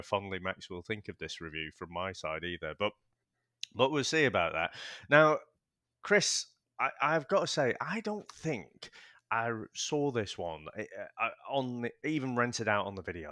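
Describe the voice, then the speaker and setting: A man co-hosting a casual movie podcast, excitable and swearing, often restarting his sentences. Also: lowish voice, no room sound, clean studio sound. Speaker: podcast co-host. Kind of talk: casual chat.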